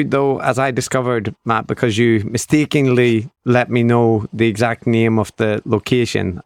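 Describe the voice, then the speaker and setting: Smooth-voiced man teasing his co-host. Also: mid-range voice, dry recording, studio quality. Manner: playful, teasing, mock-dramatic. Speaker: podcast co-host. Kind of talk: casual podcast chat.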